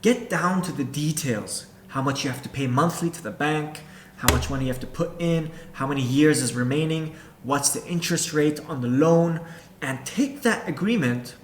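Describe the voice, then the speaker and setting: Speaking at a moderate pace in a fairly high voice with lively intonation, this real estate investor gives beginners an instructional talk straight to camera. He repeats himself and speaks directly to "you," the viewer. The audio carries a little hiss or hum, an echoey room, and faint background ambience.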